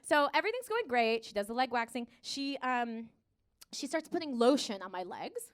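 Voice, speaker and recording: American woman comic in her thirties, high bright voice, storytelling stand-up full of acted voices. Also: moderate pace. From United States. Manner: animated storytelling, acts out voices, laughs at her own jokes. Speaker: stand-up comedian. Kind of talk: live stand-up routine. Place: comedy stage in front of a live audience.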